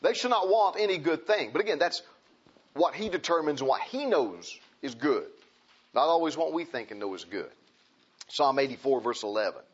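A man's voice: on the high side, animated, normal speed, breathy edge. A man preaching a sermon in church, folksy and conversational, rising to emphatic passages. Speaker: pastor. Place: church sanctuary. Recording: muffled lo-fi recording.

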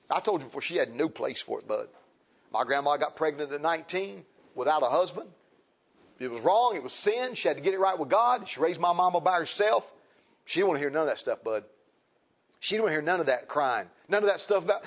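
A man preaching a fiery sermon, emphatic and repetitive, swinging between shouts and hushed tones. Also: sits high, expressive, brisk. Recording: dull lo-fi recording.

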